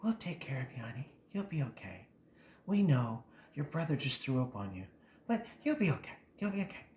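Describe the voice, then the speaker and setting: A man voicing a gentle mother comforting her young son, in a soft, hushed way. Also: mid-range voice, sing-song, brisk, reverberant, slight background noise, close to an everyday voice. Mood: soothing.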